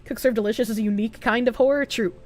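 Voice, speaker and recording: A woman's voice: a little high, steady tone, rapid-fire, a little mellow. A woman streamer chatting casually, answering viewer chat aloud and swearing freely.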